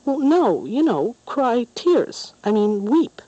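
A woman's voice: on the high side, sing-song, slow, mellow, no room sound, dull audio, pitched above the performer's own voice, exaggerated voice. Woman doing a frank, chatty little girl. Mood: earnest. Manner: matter-of-fact, chatty. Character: young girl, frank, curious and tender.

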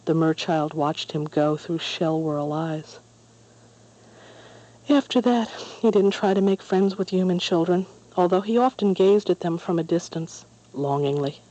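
A narrator reading a children's story aloud in a calm, measured way. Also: mid-range voice, lo-fi sound.

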